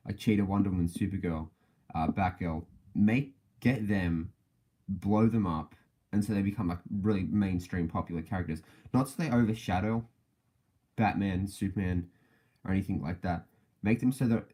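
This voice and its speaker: Low, dark-voiced man rambling casually. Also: breathy edge. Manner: rambling, halting, many fillers and self-corrections; laughs often between thoughts. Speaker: podcast host. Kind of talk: casual livestream chat.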